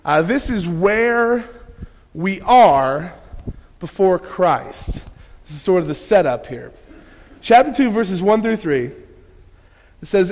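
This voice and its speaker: A man preaching a sermon, telling a lively personal story with playful asides to the congregation. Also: high voice, takes it slowly, pauses often. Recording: long hall reverb.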